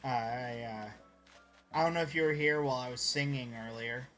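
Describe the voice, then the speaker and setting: A man's voice: mid-range voice, fairly quick, sharp tone, soft background music. A man chatting casually on a live stream while gaming, rambling and greeting viewers by name.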